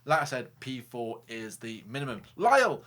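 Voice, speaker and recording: A man co-hosting a casual racing talk show, joking, animated and stumbling over restarts. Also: mid-range voice, moderate pace. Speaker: co-host. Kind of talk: casual chat.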